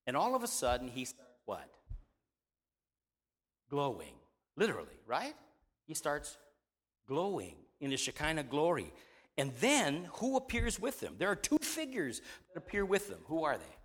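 A man's voice: a little high, wildly swooping pitch, normal speed, long pauses, a bit bright, slightly rough. A man preaching, reading a scripture passage aloud and teaching from it, often asking his listeners questions. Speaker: pastor. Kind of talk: Bible reading and sermon teaching.

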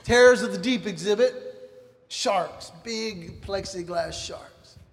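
A man telling a personal story about his sons to a church, animated and acting out the voices. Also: high-pitched, slow, long reverb tail. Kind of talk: storytelling sermon illustration.

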